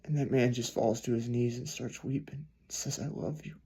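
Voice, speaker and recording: A man preaching a storytelling sermon, earnest, swelling louder then dropping soft. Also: medium pitch, flat delivery, normal speed, husky.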